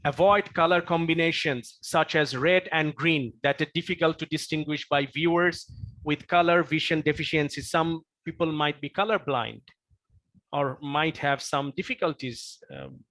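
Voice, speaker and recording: A man's voice: a little high, normal speed, a bit bright, no room sound, low-quality recording. A man lecturing as a professor, earnest, repeating key points with frequent fillers and restarts. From Bangladesh. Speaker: professor giving a training lecture.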